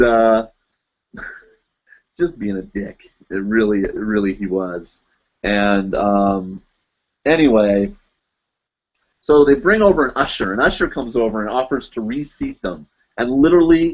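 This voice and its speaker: A man's voice: lowish voice, gravelly. Rambling man telling a story, lo-fi. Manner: rambling, loaded with "you know" and "like". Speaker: live chat show host. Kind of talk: casual storytelling. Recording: dull lo-fi livestream audio.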